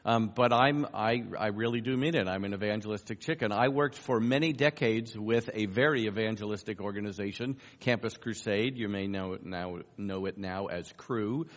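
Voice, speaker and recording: A middle-aged man from New York with a light American accent, giving a conference talk with dry, self-deprecating humor and halting restarts. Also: fairly low pitch. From New York, USA. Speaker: guest speaker on evangelism. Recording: long hall reverb.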